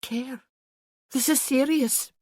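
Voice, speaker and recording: A woman reading an audiobook puts on a fierce young Highland woman, her voice pushed high, urgent and emphatic, quick to scold. The read is close and dry, with no room sound. She stays stubborn and sharp-tongued throughout. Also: fairly even intonation, no room sound. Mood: indignant. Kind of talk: audiobook character voicing.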